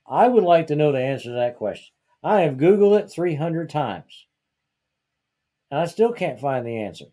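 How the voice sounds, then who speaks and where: A man from Georgia hosts a podcast, his voice fairly high and mellow. In casual talk he rants in a heated, exasperated way, firing off rhetorical questions.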